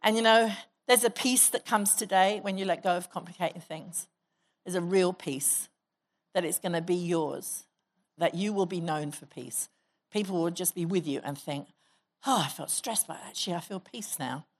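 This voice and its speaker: Woman pastor preaching, lowish voice. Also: normal speed. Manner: exhorting, leads the congregation in prayer. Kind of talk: sermon with prayer and prophecy. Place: church hall.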